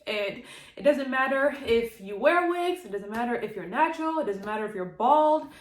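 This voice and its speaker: A woman's voice: a little high, lively intonation, moderate pace. A young woman vlogging to her camera, emotional and hesitant, sighing and laughing between her thoughts. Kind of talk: emotional personal vlog to camera. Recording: echoey room.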